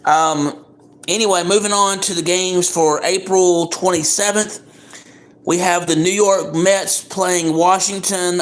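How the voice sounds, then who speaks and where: Man, livestream host, casual talk, slightly higher pitch, unhurried with ums. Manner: plain, unhurried, with frequent ums and repeats. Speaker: livestream host making baseball picks.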